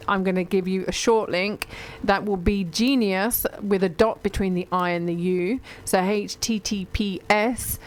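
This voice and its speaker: A woman hosting a radio book show, chatting and plugging books with enthusiasm. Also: medium pitch. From Britain. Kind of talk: casual radio interview chat.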